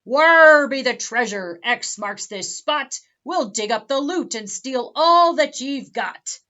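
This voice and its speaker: A woman voicing a loud, gruff male pirate captain who bellows his pirate talk. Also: sits high, expressive, slow pace, lo-fi sound, heavily acted. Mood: demanding.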